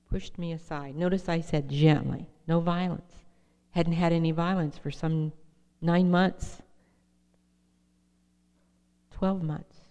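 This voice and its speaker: A woman's voice: lowish voice, dark tone. Woman giving testimony in a reverberant hall. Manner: earnest storytelling, addressing the audience with questions. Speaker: speaker sharing her recovery story. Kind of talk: personal testimony talk.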